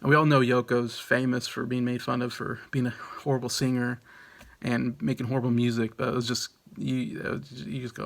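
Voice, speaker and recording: A man's voice: medium pitch, level tone, fairly quick, vocal fry. A man in his late thirties hosting a casual countdown video, rambling and chuckling with lots of fillers and restarts. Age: late 30s. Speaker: video host.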